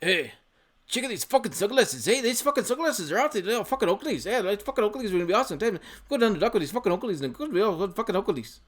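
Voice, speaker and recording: A man's voice: high voice, lively intonation, fast, pitched above the performer's own voice. A man doing a rowdy drunk dockworker. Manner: loud, swearing, raving.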